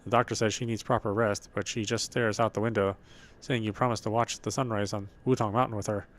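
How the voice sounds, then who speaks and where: Man streamer, lowish voice, reads game narration aloud with feeling. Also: level tone. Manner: reads slowly with feeling, stumbles and restarts. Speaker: gameplay streamer. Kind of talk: reading game story text aloud.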